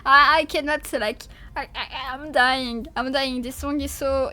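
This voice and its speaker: A woman's voice: high-pitched, steady tone, unhurried, hardly any pauses, pushed and bright. A woman streamer in casual livestream chat with her viewers. She talks in a playful, silly way, swears often and sounds sleepy. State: sleepy, yawning.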